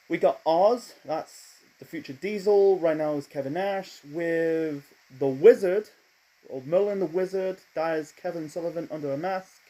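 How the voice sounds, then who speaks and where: A man's voice: on the high side, warm tone, rough recording. A man reviewing an old wrestling show in a casual, rambling monologue, bluntly giving his opinions and often correcting himself. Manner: talks fast at times.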